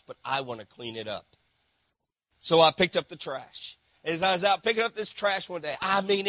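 Animated man preaching, bright high voice. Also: dry recording. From Texas. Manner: animated storytelling, shifting from hushed to shouting. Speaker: missionary preacher. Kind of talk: sermon.

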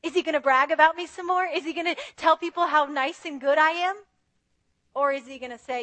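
Bright high-voiced woman preaching. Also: animated, fairly quick, no echo. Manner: earnest, conversational, acts out prayers to God. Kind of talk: sermon.

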